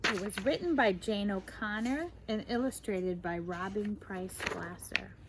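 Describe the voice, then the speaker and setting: A woman, a teacher, reading a picture book aloud to children in an animated way, stopping to explain the fancy words. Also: mid-range voice, a little slow, background noise.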